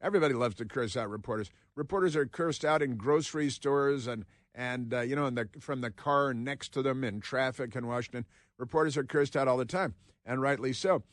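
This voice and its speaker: Man, talk radio host, sardonic and rambling, dry close studio mic, mid pitch. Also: a little fast, no echo. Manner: sardonic, rambling, reads headlines aloud.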